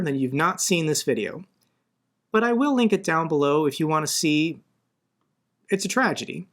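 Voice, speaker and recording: A man's voice: on the high side, a bit bright. A man from the United States giving blunt, conversational commentary on the news, growing more indignant as he argues. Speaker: political commentator. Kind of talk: casual commentary video.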